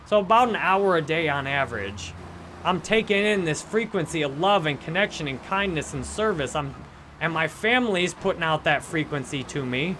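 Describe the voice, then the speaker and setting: A man's voice: a little high, expressive, moderate pace, pushed and bright, a little hiss or hum. A middle-aged man hosting a podcast, talking earnestly and cheerfully about positive living, laughing often and acting out complainers. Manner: earnest, upbeat, laughs often, acts out complainers in mock voices. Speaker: podcast host and life coach. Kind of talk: casual motivational monologue.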